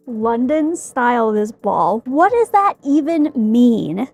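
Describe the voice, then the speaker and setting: High-pitched woman streamer, unhurried, giggly, faint music behind. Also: sing-song, a little mellow. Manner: giggly, laughs often, exclaims in mock fright. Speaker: streamer making a cosplay prop. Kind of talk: casual live-stream chat.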